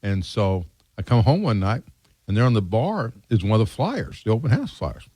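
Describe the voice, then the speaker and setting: A man's voice: lowish voice, sing-song, normal speed, mellow, husky, no echo. A man hosting a local real estate radio show, telling folksy anecdotes. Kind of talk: casual radio chat. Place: radio studio. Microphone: studio mic.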